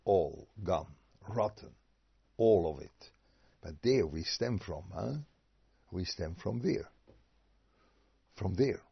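A man giving an informal Torah lecture, animated and rhetorical, sometimes acting out voices. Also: low-pitched, slow pace, gravelly, pauses often, husky. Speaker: rabbi giving a Torah talk. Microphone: video call. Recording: dull lo-fi video call audio.

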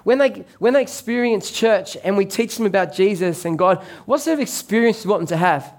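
High-voiced man preaching a sermon. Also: expressive, fairly quick. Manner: conversational, jokes with congregation. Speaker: pastor.

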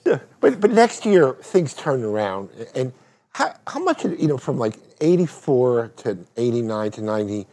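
A man's voice: medium pitch, sing-song, normal speed, a little mellow. A man hosting an interview podcast, telling a story and asking rambling questions with restarts. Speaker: podcast host.

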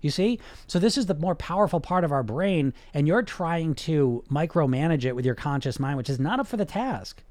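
Male hypnotist host, emphatic and blunt, fairly high voice with a very animated delivery. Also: moderate pace, hardly any pauses, no room sound. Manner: emphatic, blunt, peppered with rhetorical questions and mild swearing. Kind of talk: motivational podcast monologue.

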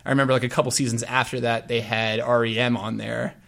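Gravelly man hosting a casual music podcast. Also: mid-range voice, little pitch movement, fast, a bit bright. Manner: long, meandering sentences. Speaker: podcast host.

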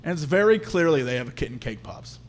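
A man's voice: a little high, quick pace. A man co-hosting a live comedy podcast, telling a funny story on stage and acting out the people in it. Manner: animated, acts out the people in his story. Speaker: podcast co-host.

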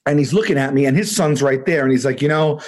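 Excitable man telling a long story. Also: medium pitch, quick pace. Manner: rambling, animated, many restarts and laughs. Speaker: podcast guest. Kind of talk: casual storytelling.

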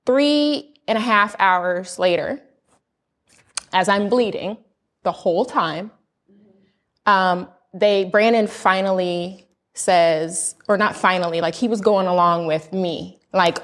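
A young adult woman from the United States telling a personal story in a candid chat, earnest and animated. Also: medium pitch, takes it slowly. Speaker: panel guest sharing a birth story.

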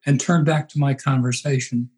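A man in his eighties, a pastor being interviewed, telling stories in an unhurried way and acting out the voices he quotes. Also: medium pitch, steady tone, a little mellow, poor audio. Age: 80s. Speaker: pastor and guest. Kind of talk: reflective storytelling interview.

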